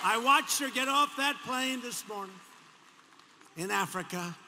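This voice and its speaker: A man's voice: very high voice, lively intonation, unhurried. A man in his seventies with a New York accent, giving a rambling campaign rally speech full of repetition and mocking asides in a large arena. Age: 70s. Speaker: politician. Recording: echoey arena, faint crowd noise.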